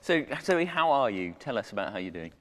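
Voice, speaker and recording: A man's voice: on the low side, big pitch swings, brisk, fairly bright tone. A man hosting a comic chat segment on a church children's show with jokey, showman-like banter. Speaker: host. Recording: reverberant church hall.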